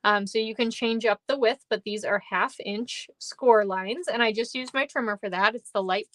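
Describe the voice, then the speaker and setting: A woman's voice: a little high, normal speed, fairly bright tone. A woman with a Minnesotan accent hosting a live card-making class, chatty and upbeat, often laughing and greeting viewers by name. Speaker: stamping class host.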